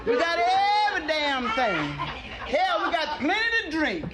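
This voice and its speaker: A man's voice: extremely high pitch, sing-song, a little slow, a loud crowd, very noisy, pitched above the performer's own voice, full character voice. A woman voicing a brash grown man who hollers and boasts, told to a live comedy club audience. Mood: boastful. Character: rowdy grown man boasting about a party.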